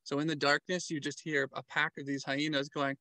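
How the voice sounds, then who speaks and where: Speaking briskly in a slightly high voice, this storyteller and travel vlogger shares tales from his journeys, acting out how the animals moved and sounded. His delivery is animated and relaxed. The recording is close and dry, with no echo from the room.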